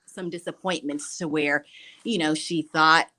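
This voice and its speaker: A young adult woman on a video call, telling a personal story in an earnest, halting way with excited outbursts. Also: deep voice, very noisy. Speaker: guest, older sister.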